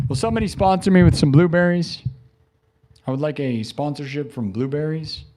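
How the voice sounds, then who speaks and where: A man's voice: fairly high pitch, a little fast, a little mellow. A man hosting a late-night music livestream, chatting casually and goofily, rambling and breaking into silly chants. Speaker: livestream host and improv musician.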